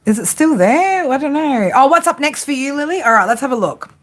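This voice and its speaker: A woman's voice: high voice, lively intonation, a little fast, soft background music. A young woman giving a casual, profane tarot reading, chatting to her viewers and to spirit as she goes. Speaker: tarot reader.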